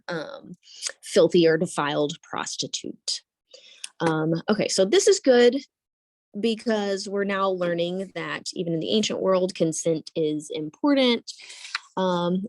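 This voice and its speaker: Slow-talking woman teaching Latin. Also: on the low side, a little mellow, no echo. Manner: thinks aloud with frequent ums and self-corrections. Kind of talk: casual classroom lesson, translating line by line.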